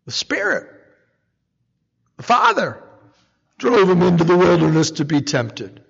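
A man with a high voice delivers a slow, conversational sermon, often asking the room "right?" with a small chuckle. His voice carries a long reverb from a large church hall. The recording sounds muffled and dull. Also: sing-song, gravelly, husky. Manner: asks the congregation "right?" again and again, with a light chuckle. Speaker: preacher.

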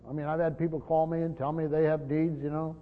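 A man's voice: fairly high pitch, little pitch movement, fast talker. A man leading a Bible study in a conversational, explanatory way, often restarting his phrases. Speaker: Bible teacher. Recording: dull lo-fi recording in a reverberant hall.

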